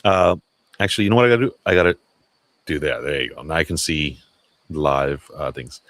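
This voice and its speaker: This livestream host has a very deep, somewhat bright voice and a brisk delivery, with no room sound. Chatting casually, he speaks loosely and profanely, cutting himself off to restart.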